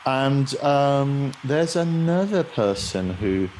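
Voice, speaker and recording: A man's voice: mid-range voice, animated, takes it slowly, a little mellow, a little hiss or hum. A man co-hosting a live podcast, playful and rambling with lots of fillers and the odd swear. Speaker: podcast co-host. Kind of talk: casual chat.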